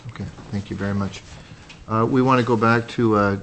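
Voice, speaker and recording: A man chairs a hearing and calls witnesses in brief, procedural lines. His voice sits a little low. Faint noise hangs behind it. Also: fairly even intonation, brisk, a bit bright. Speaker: committee chairman.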